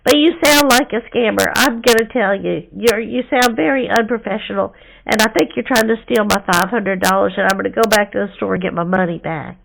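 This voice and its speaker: A woman's voice: medium pitch, brisk, vocal fry, fairly bright tone, low-quality recording. A woman playing a sassy churchgoing woman who bluntly calls out a phone scammer. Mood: suspicious. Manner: blunt, teasing, suspicious. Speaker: scam baiter. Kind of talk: prank phone call.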